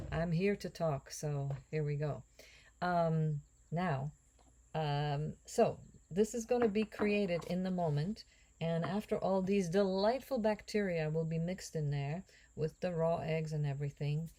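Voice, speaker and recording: Slow, low-voiced woman musing while she cooks. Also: warm tone. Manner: rambling, musing aloud with drifting asides. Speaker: home cook and actress. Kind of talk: casual cooking vlog chat.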